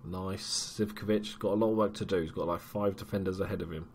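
A man casually commentating his football management game, muttering to himself and bursting into loud cheers. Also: low voice, fairly even intonation, a little fast, a little hiss or hum. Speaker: let's play gamer.

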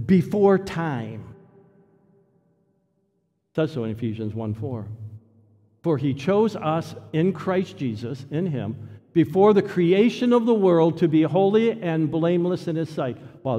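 A man preaching a sermon in a church, emphatic, repeating key phrases and swinging between loud declarations and hushed asides. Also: fairly high pitch, sing-song, measured pace. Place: church sanctuary. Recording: long church reverb.

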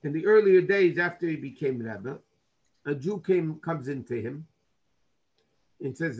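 A man's voice: a little high, expressive, a little slow, pauses often, husky, muffled recording. A man, a rabbi, teaching a Torah class through earnest storytelling, dropping in Hebrew and Yiddish terms.

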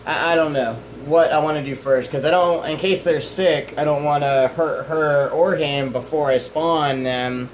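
A young Texan man rambles through a casual fish-room update. His voice sits a bit high for a man, and he keeps restarting his sentences. A faint hiss runs under the recording. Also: steady tone, poor audio. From Southern US. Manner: rambling, halting, restarts often; coos at his fish in a raised voice. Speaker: fish-keeping vlogger.

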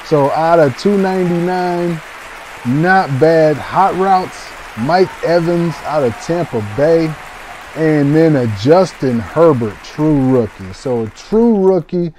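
A young man casually commentating a live sports-card break, excitable and self-mocking, swearing freely. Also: on the high side, slow, some chatter behind, a little hiss or hum.

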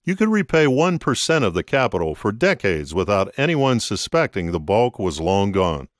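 A man narrating an audiobook in an expressive, scripted reading. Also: lowish voice, moderate pace, no room sound, clean studio sound.

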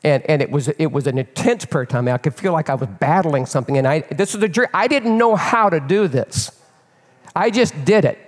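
An older male pastor tells his story from the pulpit, animated and candid, often repeating a word as he gathers steam. His voice sits on the higher side for a man. The sound rings out with the long reverb of a church sanctuary. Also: brisk. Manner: animated, candid, repeats words while building. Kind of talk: storytelling sermon.

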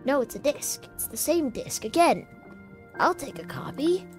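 A woman's voice: sits high, big pitch swings, normal speed, darkish tone. A woman hosting a gaming channel, giving casual commentary as she plays and chatting playfully to the game. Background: faint game music.

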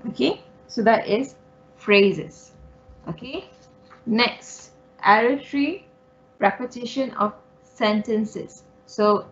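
A woman's voice: a little high, muffled recording, a little hiss or hum. A woman teacher giving an online English writing revision lesson, explaining each point patiently and step by step with many okays and all rights. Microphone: online class audio.

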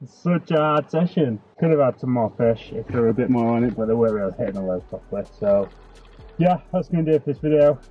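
A man's voice: medium pitch, lively intonation, brisk, slightly rough, lo-fi sound. A young man talking casually to camera while fishing outdoors on a canal bank, muttering to himself and swearing mildly. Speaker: fishing vlogger. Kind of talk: casual vlog commentary.

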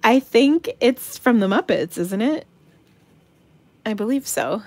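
A middle-aged woman hosts an online craft game night from her home craft room, calling bingo numbers in a casual live stream. Her voice sits on the high side, animated but unhurried, and the recording is dry. She's giggly and playful, now and then breaking into silly singing.

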